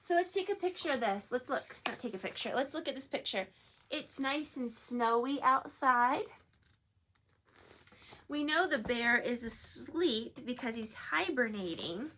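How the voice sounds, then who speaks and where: A woman teacher reading a picture book aloud in an animated way and then asking her class questions about it. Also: sits high, unhurried, slight background noise.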